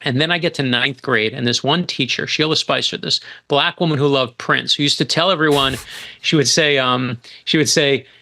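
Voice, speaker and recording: Animated, bright-voiced male storyteller. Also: medium pitch, moderate pace, vocal fry. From New York. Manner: animated, emphatic storyteller with frequent restarts. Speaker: guest author. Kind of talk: podcast storytelling.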